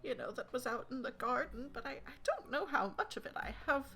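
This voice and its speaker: A woman voicing an old mother in a rocking chair, with a high, fluttery and stammering way of talking. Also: big pitch swings, fairly quick, creaky, bright, forceful tone, soft background music, full character voice. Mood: kindly.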